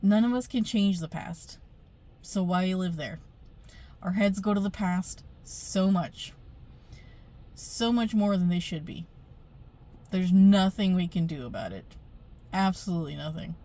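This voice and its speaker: A woman's voice: lowish voice, a little slow, pauses often, warm tone. Middle-aged lady rambling into her phone, chatty storytime vlog, lots of ums. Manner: rambling, chatty, laughs often, many fillers. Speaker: spiritual vlogger. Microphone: phone camera.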